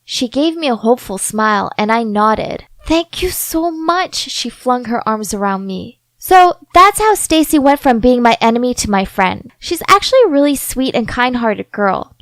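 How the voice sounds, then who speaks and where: A woman narrating a first-person animated story in an upbeat, reflective, chatty way. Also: fairly high pitch, dry recording.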